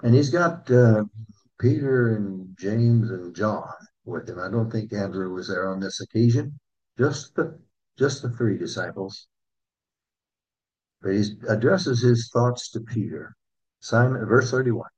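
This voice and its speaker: Husky-voiced preacher man, muffled recording. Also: medium pitch, lively intonation, darkish tone. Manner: earnest, asks the congregation questions, slows for scripture. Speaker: pastor. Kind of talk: sermon.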